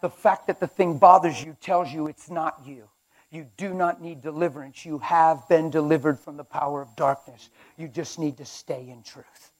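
A man preaching a sermon in an emphatic, animated manner, acting out little skits along the way. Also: on the high side, moderate pace.

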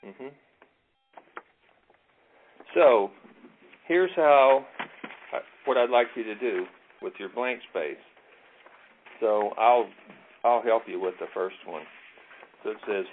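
A man leading a Bible study in a relaxed, self-deprecating way, reading scripture aloud and drawing out key words. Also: medium pitch, normal speed, pauses often, a little hiss or hum. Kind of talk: casual teaching with scripture reading. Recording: tinny phone-like audio.

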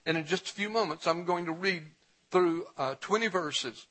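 Husky high-voiced preacher man. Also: normal speed, poor audio. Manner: rising to a shout when urging the congregation. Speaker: pastor. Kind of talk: sermon.

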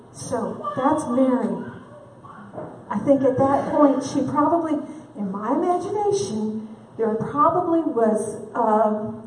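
A woman's voice: a little high, a little slow, darkish tone, slight background noise. A woman conference speaker giving a humorous faith talk, candid and self-deprecating, laughing often, heard from a distant mic in a large event hall.

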